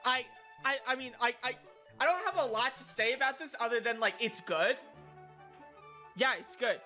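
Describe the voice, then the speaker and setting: A man's voice: very high-pitched, normal speed, bright, forceful tone, soft background music. A young man streaming in a casual chat. He rambles, stammers and swears crudely, now and then bursting into mock outrage. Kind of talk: casual stream chat, reviewing viewer picks.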